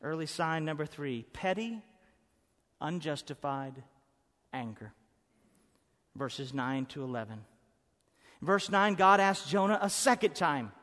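A man preaching a sermon as pastor, emphatic and swinging from loud to hushed. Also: on the high side, lively intonation, measured pace, long pauses. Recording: preaching in a hall with long reverb.

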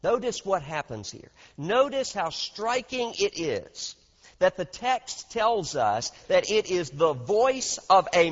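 High-voiced preacher in an echoing hall. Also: male voice. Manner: dramatic, emphatic, swells in volume on key points. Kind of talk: sermon. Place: large church hall. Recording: dull lo-fi recording in a reverberant hall.

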